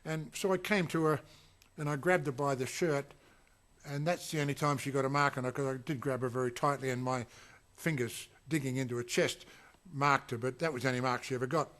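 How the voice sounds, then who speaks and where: A man's voice: mid-range voice, steady tone, a little fast. A man recalling a film shoot in a casual, rambling way, full of fillers and restarts. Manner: acts out quotes with sudden loud shouts. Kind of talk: casual anecdotal reminiscence.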